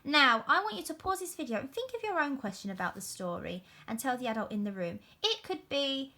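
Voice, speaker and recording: A woman teaching young children in a recorded reading lesson, her high voice bouncing up and down. She sounds bright and keeps up an encouraging, sing-song classroom manner. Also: sing-song, a little fast, few pauses. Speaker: primary school teacher. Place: home.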